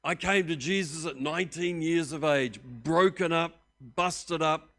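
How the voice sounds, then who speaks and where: An older Australian man preaching a sermon as pastor, animated and joking in a conversational way. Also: fairly high pitch, measured pace.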